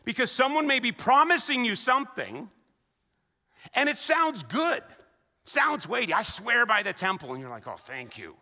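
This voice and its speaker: A man delivers a sermon in a church sanctuary, his voice high and bright with lively swings in pitch. He speaks in a chatty, animated way and slips into the voices of the people he quotes. His words ring out with the long reverb of a large hall. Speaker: pastor.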